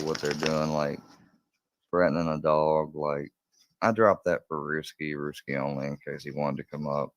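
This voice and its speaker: A man's voice: extremely low pitch, gravelly, no room sound. A man on a casual livestream, rambling loosely with lots of fillers and cooing tenderly to his dog. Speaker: livestreamer reacting to news clips. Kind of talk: casual chat.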